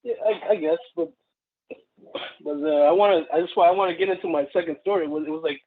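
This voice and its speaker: A man calling in to tell a story, halting with many fillers and restarts, over a phone line. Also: on the high side. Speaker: caller. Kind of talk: casual storytelling.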